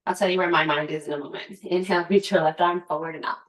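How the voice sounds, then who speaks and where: A woman guiding a yoga flow, her voice on the lower side as she steadily calls out poses and breaths. She drifts into easygoing, laughing asides between cues. The sound carries the echo of a roomy space. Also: fairly even intonation, fast talker, fairly bright tone. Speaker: yoga instructor. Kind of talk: guided yoga class cueing. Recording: echoey room.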